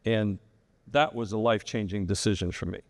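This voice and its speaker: A fairly quick talker with a lowish voice and fairly even intonation, this man rambles through a long story on a live real estate panel, restarting many times. The recording has the reverberant sound of a large hall.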